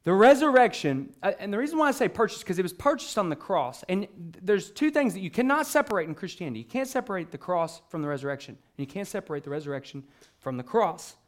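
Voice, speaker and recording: A man with a high voice preaches a sermon in a loose, conversational way. He often restarts his sentences and uses fillers. Now and then he acts out an excited exchange between characters. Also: fast. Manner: acts out the disciples' excited questions. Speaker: pastor.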